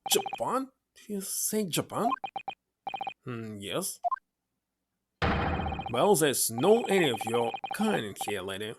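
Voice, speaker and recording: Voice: mid-range voice, big pitch swings, slow pace, long pauses, very noisy, voice pushed down. A streamer reading a curt, suspicious prison governor. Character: gruff, dismissive middle-aged male prison governor. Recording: loud game music under the voice.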